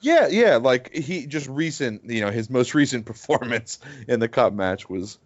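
A man's voice: medium pitch, expressive, moderate pace, highs cut off. A man co-hosting a casual sports podcast, talking in a rambling, hesitant way with many fillers. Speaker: podcast co-host.

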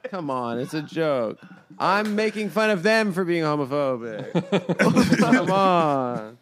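A man co-hosting a podcast, telling deadpan jokes with halting fillers in casual chat. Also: fairly high pitch. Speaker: podcast co-host.

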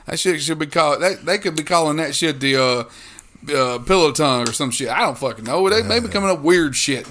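A man's voice: fairly high pitch, lively intonation, a little fast, a bit bright, slight background noise. A man chatting casually on a podcast, rambling and swearing, often restarting his sentences. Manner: rambling, profane, restarts a lot. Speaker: podcast co-host.

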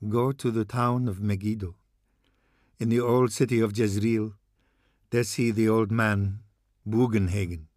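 A man voicing a tearful, trembling priest who delivers prophecies of doom in a slow, hushed voice that sinks into whispers. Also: on the low side, fairly even intonation, no room sound, clean studio sound, close to an everyday voice. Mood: ominous.

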